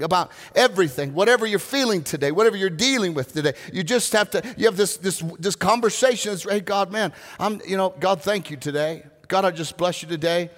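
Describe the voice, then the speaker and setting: A pastor with a high-sitting voice preaches a sermon in a church sanctuary, the sound filling a large hall. He talks conversationally, with frequent restarts and humorous asides.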